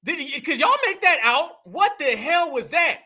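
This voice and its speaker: An American man hosting a live reaction stream, talking in a very high voice that swings widely. His tone is bright and sharp, and his delivery is incredulous, mocking and full of slang. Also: lively intonation, normal speed. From United States.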